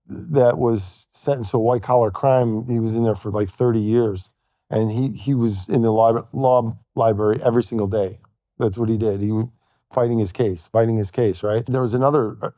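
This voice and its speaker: A man telling a long personal story as a podcast guest, halting and quoting what others said to him. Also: mid-range voice, dark tone, no echo, clean studio sound. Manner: halting, retells events with quoted dialogue. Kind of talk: storytelling in conversation.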